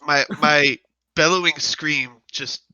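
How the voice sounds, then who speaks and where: A man's voice: fairly high pitch, fairly even intonation, takes it slowly, pushed and bright, muffled recording, a little hiss or hum. A young man playing in a tabletop game, joking about his character and stammering when he starts a sentence. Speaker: player. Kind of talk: casual chat during a tabletop game.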